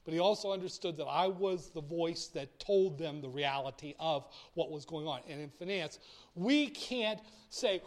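A man's voice: fairly high pitch, animated, moderate pace. A man lecturing on finance in a blunt, theatrical way, acting out little dialogues. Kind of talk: recorded lecture.

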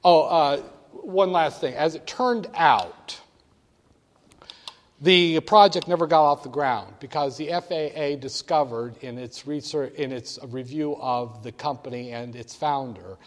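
A man's voice: on the high side, a little slow. An older man wryly telling a candid story, briefly acting out the voices of people in it. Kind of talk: storytelling anecdote. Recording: long hall reverb.

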